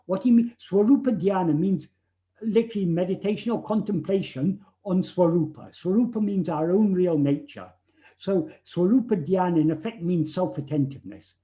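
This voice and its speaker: A man with a fairly high voice and a dark, mellow tone explains things carefully and earnestly. He often repeats himself and restarts with fillers. The sound is muffled, as on a video call. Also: normal speed. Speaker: speaker answering questions on spiritual teachings. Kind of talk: thoughtful explanatory talk over a video call.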